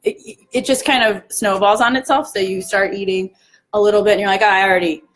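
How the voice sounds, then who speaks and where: Hoarse-voiced woman coach chatting. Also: mid-range voice, a little fast, fairly bright tone, low-quality recording. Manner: chatty, acts out dieters' self-talk in quoted lines. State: hoarse, voice still rough. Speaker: nutrition coach. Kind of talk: casual live-stream Q&A chat.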